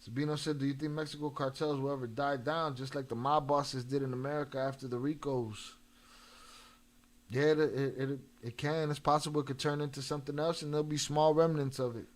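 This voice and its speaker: A man's voice: mid-range voice, fairly even intonation, fairly quick. A man hosting a casual live stream, talking loosely in slang and reading chat messages aloud. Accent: Chicago. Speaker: livestream host reacting to videos.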